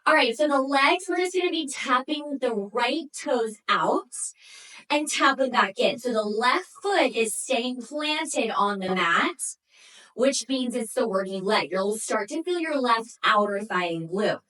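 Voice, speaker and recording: In this workout instruction, a Pilates teacher coaches and counts reps while exercising and panting. Her fairly high voice is expressive, pushed and bright, and she talks a little slowly. She sounds distant from the microphone.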